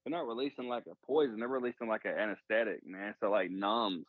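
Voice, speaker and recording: A man's voice: fairly low pitch, steady tone, fast, no room sound, narrow, tinny audio. A man, an army veteran and podcast guest, talking in a laid-back way and often saying "man". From United States. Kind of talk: casual interview chat.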